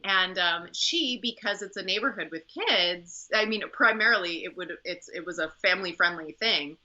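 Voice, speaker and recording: Bright-toned chatty woman, muffled audio. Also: on the low side, animated, moderate pace. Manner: chatty storyteller with many fillers and restarts. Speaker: opera singer and company director. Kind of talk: conversational interview.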